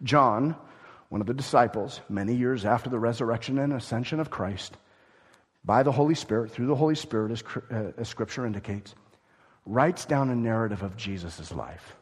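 A man preaching a Bible sermon, animated and conversational, often acting out the people he quotes. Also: medium pitch, moderate pace, husky, big-room sound. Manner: animated, acts out quoted speakers.

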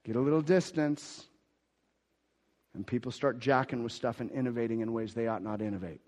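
A man preaching a sermon as pastor, swinging from quiet asides to loud, emphatic declarations and repeating key phrases. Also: medium pitch, fairly even intonation, fairly quick, big-room sound.

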